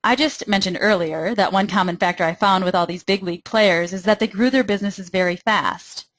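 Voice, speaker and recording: A woman's voice: mid-range voice, brisk, fairly bright tone, dry recording. A young adult woman with a Minnesotan accent, presenting a marketing webinar in an upbeat, persuasive way and speaking straight to her listeners.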